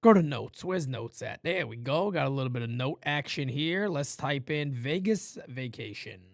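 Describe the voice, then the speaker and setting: A man calling a baseball game live for fans from his home studio, shouting on big plays and muttering low asides between pitches. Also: animated, normal speed, vocal fry, dry recording. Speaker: play-by-play streamer. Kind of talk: live fan play-by-play commentary.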